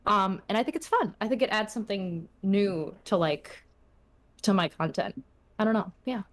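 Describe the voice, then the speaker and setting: A young adult woman, appearing as a guest on an interview, is a streamer who chats casually. Her mid-range voice is animated and moves at a normal speed, packed with filler words and self-deprecating asides.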